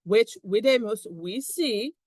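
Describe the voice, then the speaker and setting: A woman teaching a Latin text in a chatty, animated way, with frequent laughs. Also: on the high side, takes it slowly, dry recording. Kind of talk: casual classroom explanation.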